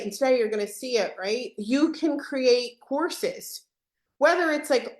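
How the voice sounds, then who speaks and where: A woman hosting a live software demo webinar in a casual, joking way, laughing often and acting out what team members say. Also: on the high side, echoey room.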